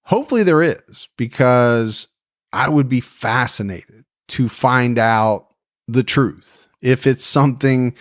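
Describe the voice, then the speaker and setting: Male podcast cohost, animated chatty delivery, dry close sound. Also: medium pitch, slow pace, no room sound. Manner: conversational, animated, emphatic. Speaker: podcast host. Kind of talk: casual chat.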